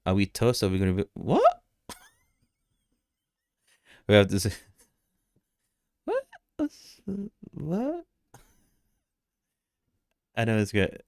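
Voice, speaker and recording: A man's voice: lowish voice, huge pitch swings, normal speed, pauses often, a little mellow, clear, resonant tone, no echo, clean studio sound. A young man hosting a casual crypto livestream, rambling through charts, greeting viewers in the chat and laughing often.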